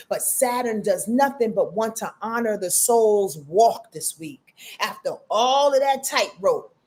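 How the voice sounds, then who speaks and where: A woman in her fifties giving a casual astrology forecast, slangy and profane, calling her listeners y'all and swinging between loud outbursts and soft murmurs. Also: fairly high pitch. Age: 50s. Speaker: astrology host.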